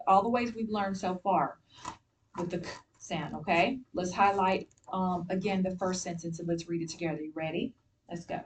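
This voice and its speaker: A woman's voice: mid-range voice, far from the mic, slight background noise. Woman teacher heard from across a classroom. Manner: patient, directive, step-by-step instructions. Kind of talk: classroom spelling lesson.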